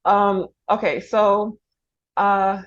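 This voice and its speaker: A woman's voice: mid-range voice, fairly even intonation, drawn-out words, lo-fi sound. A woman from the Bronx hosting a podcast interview over a video call, talking effusively, laughing through tears and restarting her sentences often. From New York, the Bronx. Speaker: podcast host. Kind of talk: emotional interview conversation.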